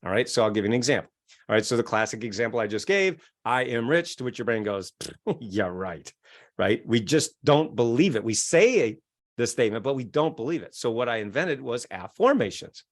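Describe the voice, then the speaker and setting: A man's voice: mid-range voice, animated, a little fast. A middle-aged man, a self-help author, explains his method in an interview, acting out quoted voices and chuckling often. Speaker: guest, self-help author and keynote speaker.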